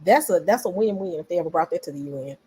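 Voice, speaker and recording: A woman giving casual political commentary, animated and talking straight to her viewers. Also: on the low side, fast, breathy edge, rough recording. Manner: animated, talks back to viewers, quotes others in voices.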